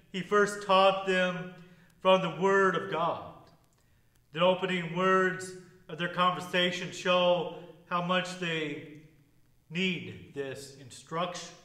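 A man preaching a sermon as pastor, with a measured, deliberate liturgical delivery. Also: high-pitched, bright, forceful tone, roomy sound, low-quality recording.

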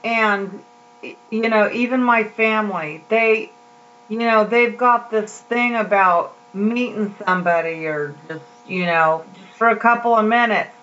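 A woman's voice: mid-range voice, measured pace, a bit bright, muffled recording. A woman giving a casual, heartfelt devotional talk to her viewers, rambling with many fillers and restarts. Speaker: Christian vlogger.

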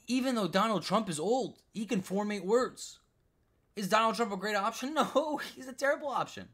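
A man from the US with a high, slightly bright voice rants about politics in a vlog. The commentary vlogger sounds frustrated and repeats himself, dropping "bro" and "like" as he goes.

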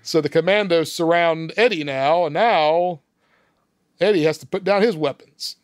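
A man's voice: a little high, normal speed, clean tone, no echo. A man on a casual film podcast, walking through the plot step by step and laughing often. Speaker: podcast host recapping a film.

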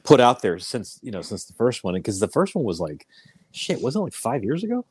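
A man's voice: medium pitch, fairly quick, slightly rough. A man co-hosting a casual movie podcast, swearing freely and restarting his sentences. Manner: profane, excitable, trailing restarts. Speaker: podcast co-host.

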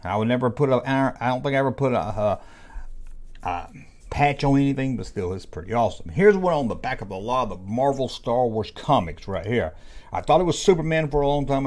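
A man's voice: medium pitch, animated, fast talker, darkish tone. A man casually commenting on old comic book ads, with jokey, sarcastic asides. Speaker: YouTube host reviewing old comic ads.

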